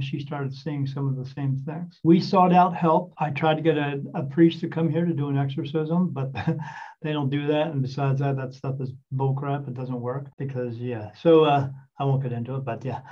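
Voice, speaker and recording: Man, fifties, earnest rambling storyteller, slightly high voice, muffled lo-fi sound. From New Jersey. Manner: rambling, earnest, restarts often. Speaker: guest. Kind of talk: casual storytelling. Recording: distant, dull lo-fi sound.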